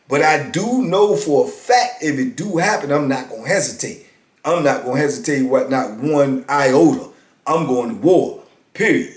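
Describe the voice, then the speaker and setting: Emphatic man in his fifties, roomy echo. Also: on the high side. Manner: emphatic, repeats lines for weight. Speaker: storyteller recounting prison life. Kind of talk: casual storytelling.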